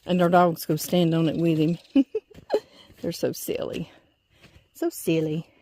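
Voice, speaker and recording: A woman's voice: deep voice, flat delivery, measured pace, dark tone, a little hiss or hum. A middle-aged woman with a Southern accent from Louisiana, chatting folksy and laughing often as she walks outdoors, filming on a phone. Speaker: vlog host. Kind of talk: casual walking vlog. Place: outdoors in a pasture, then a porch.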